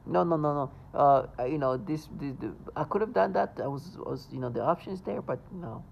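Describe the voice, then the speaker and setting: Gravelly, agitated man ranting. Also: on the high side, moderate pace, highs cut off, a little hiss or hum. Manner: agitated, insistent, rambling. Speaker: vlogger. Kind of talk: emphatic monologue to camera.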